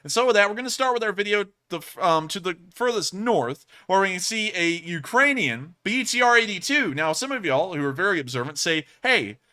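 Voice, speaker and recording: A man with a bright, forceful voice runs a live news stream. He talks in a loose, chatty way, full of ums and restarts, and slides into dry sarcasm. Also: sits high, animated, a little fast, hardly any pauses.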